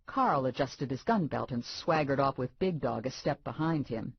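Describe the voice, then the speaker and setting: Low husky woman narrating an audiobook. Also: animated, normal speed, few pauses, dry recording, muffled recording. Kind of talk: first-person audiobook narration.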